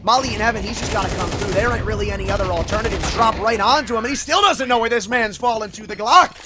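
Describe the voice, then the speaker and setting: A man calling play-by-play as an esports caster, excitable and full of jokey banter. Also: high-pitched, fast. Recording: audible background noise.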